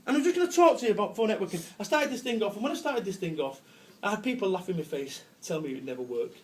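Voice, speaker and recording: A man's voice: sits high, expressive, very fast. A man with a Manchester accent, from Salford, giving a brash, jokey business talk to a live audience, swearing and laughing as he goes. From Salford, England. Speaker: business speaker. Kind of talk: comic motivational talk.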